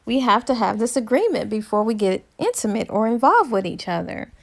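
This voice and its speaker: A woman's voice: on the high side, sing-song, brisk, vocal fry, full character voice. A woman voicing the heroine of a romance novel as she retells the story in her own casual voice. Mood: offhand. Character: nervous, cheeky young woman in a romance story.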